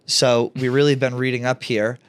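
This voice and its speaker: A man's voice: mid-range voice, little pitch movement, moderate pace, clean tone, no room sound. A man co-hosting a comedy podcast in a campy, teasing, casual way. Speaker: podcast co-host.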